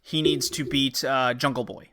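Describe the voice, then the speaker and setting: Bright-voiced man recapping wrestling. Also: mid-range voice, normal speed. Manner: animated, acts out wrestlers' lines in put-on voices. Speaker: podcast host. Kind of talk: casual wrestling recap chat.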